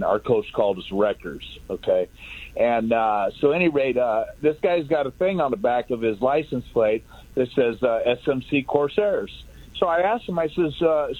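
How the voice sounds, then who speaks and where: A man in his fifties from Southern California, calling in to a radio show and telling a long, halting story full of fillers and restarts. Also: medium pitch, dry recording. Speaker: caller. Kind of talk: rambling call-in story. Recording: tinny phone line.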